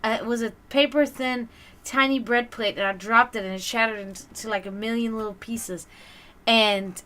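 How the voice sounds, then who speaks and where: A woman hosting a livestream, chatting casually with viewers and telling stories in a lively way, acting out the voices of the people in them. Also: fairly high pitch, normal speed. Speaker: livestream host.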